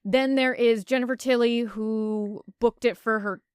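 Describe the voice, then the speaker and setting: A woman co-hosting a film podcast, chatting casually with a dry, wry touch. Her voice is high and smooth, and it sits close and dry on the mic with no room sound. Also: steady tone, measured pace, dry recording. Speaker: podcast co-host.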